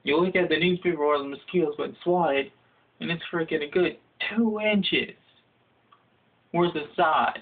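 A young man rants his way through a comic story, swearing freely and breaking into squeaky yells whenever he acts out a line. The sound is thin and boxy, like it's coming through a phone. He tells it slowly and deliberately, with a fairly high voice. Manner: profane, acts out quotes in a high shouting voice. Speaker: comedic storyteller. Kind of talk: casual comedic rant. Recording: phone-like lo-fi audio.

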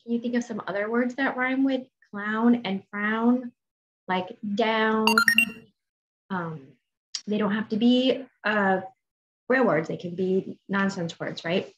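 A woman teaching a phonics lesson to young children, sounding out letters slowly and encouraging them to answer. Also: medium pitch. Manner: slow, drawn-out sounding of letters and words; encouraging, asks questions and waits. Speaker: kindergarten teacher. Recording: dull lo-fi audio with faint noise.

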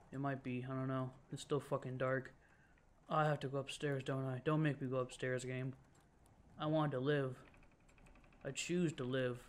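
A young man commentating a horror game as he plays, cursing constantly and joking, swinging between loud outbursts and nervous muttering. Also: medium pitch. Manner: profane, jumpy, jokey running commentary. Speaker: let's play gamer.

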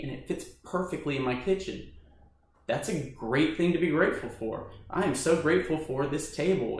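A man talks straight to his viewers in a casual vlog, earnest and encouraging. His voice sits at an ordinary middle pitch. It rings out in a very echoey room. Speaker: vlogger giving advice.

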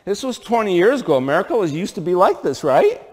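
A man's voice: high voice, sing-song, fast talker, a little mellow, husky. A middle-aged man from upstate New York preaching a sermon, telling stories and firing rhetorical questions at the congregation. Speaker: pastor. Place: church sanctuary. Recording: long church hall reverb.

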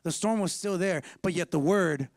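Guy pastor, high voice, casual storytelling sermon, dry sound. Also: moderate pace, vocal fry, dry recording. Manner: playful storytelling, casual slang. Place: church.

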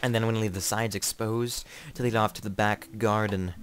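Young male gamer, slightly low voice, rambling joking commentary, startles easily. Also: fairly even intonation, fairly quick. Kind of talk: casual let's play commentary.

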